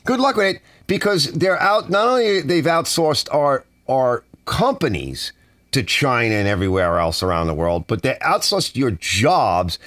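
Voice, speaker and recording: Man, from the US, ranting, exasperated, lively swings in pitch, dry studio sound. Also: normal speed, no echo. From United States. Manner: exasperated, animated complaining with softened swearing. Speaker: channel host. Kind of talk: ranting casual monologue. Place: home garage studio.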